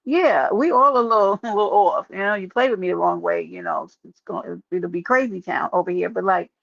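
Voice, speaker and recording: Woman streamer, mid pitch, lively and direct, on a dry, slightly muffled home mic. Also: brisk, creaky, no room sound. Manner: animated, talks straight to chat, calls out viewers by name. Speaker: live streamer. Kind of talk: casual opinion livestream.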